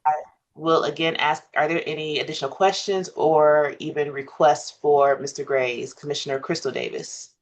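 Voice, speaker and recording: Flat-voiced man chairing a meeting. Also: a little high. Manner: measured, formal, many "um" pauses. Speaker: commission chair.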